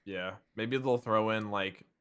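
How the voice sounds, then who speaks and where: A man's voice: fairly low pitch, measured pace, fairly bright tone, smooth. A young man co-hosting a casual gaming podcast, laid-back, laughing often and calling his friend dude. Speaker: podcast co-host.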